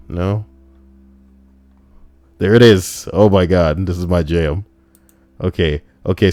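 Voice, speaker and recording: Young male livestream host with a low voice, loose and profane, riffs on chat messages. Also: dark tone, dry recording. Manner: profane, rambling, laughs at his own stories. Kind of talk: casual reaction stream chat.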